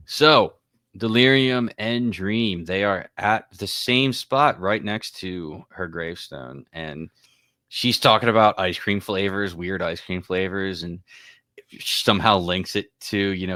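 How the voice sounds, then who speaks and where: A man with a very deep voice recaps an episode on a podcast. He walks through it scene by scene and quotes the dialogue in a thoughtful, casual way. The mic is close and dry. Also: a little slow, pushed and bright, no echo. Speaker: podcast co-host.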